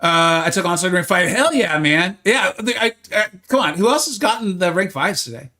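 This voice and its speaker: Bright-voiced male game streamer chatting. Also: high voice, animated, normal speed. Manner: chatty, answers viewer chat, frequent restarts. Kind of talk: casual livestream chat while playing.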